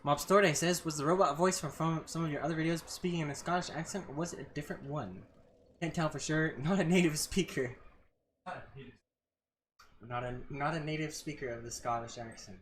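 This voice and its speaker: A man's voice: fairly high pitch, a little fast, slight background noise. A man streaming a live game session, reading chat aloud and reacting casually to the fight.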